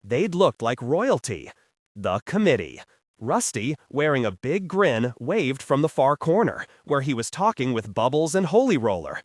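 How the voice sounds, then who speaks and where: Male audiobook narrator, lively pitch, dry close-mic sound. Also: a little slow, dry recording. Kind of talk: scripted narration.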